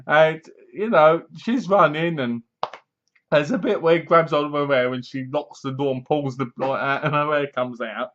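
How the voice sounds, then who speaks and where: A man casually recapping a horror film, animated, acting out the characters' lines and laughing at his own jokes. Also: a little high, muffled recording. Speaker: movie reviewer.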